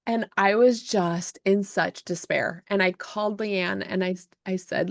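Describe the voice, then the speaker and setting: Gravelly-voiced woman telling an animated story. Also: mid-range voice, unhurried, hardly any pauses, no echo, clean studio sound. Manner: animated, emotional storytelling with many restarts. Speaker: podcast host and self-published author. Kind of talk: casual storytelling chat.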